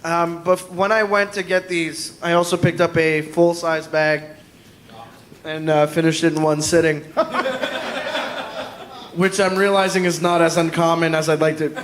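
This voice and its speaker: A man's voice: on the high side, little pitch movement, normal speed, long pauses, fairly bright tone, slight background noise. A man chatting as a guest comedian at a live podcast taping, rambling and self-deprecating, laughing often. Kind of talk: casual live podcast chat. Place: live show before an audience.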